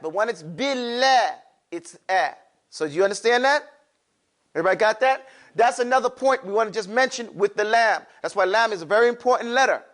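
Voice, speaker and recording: A man's voice: very high voice, a bit bright. A man teaching a classroom lesson, drawing out sounds for students to repeat and adding playful asides. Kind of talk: classroom lesson with call-and-response drills.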